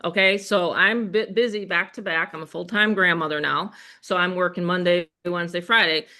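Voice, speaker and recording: A middle-aged woman with a Western New York accent, hosting a live webinar in an energetic, chatty way and talking straight to her audience. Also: lowish voice, normal speed. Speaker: webinar host. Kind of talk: live sales webinar chat.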